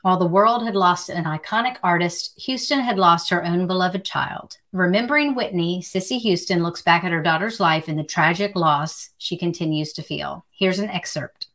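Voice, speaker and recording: A woman co-hosting a podcast, talking casually and reading a book excerpt aloud with expressive delivery. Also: on the low side, moderate pace, hardly any pauses. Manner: reads an excerpt with expressive voices for quoted speakers. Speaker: podcast co-host.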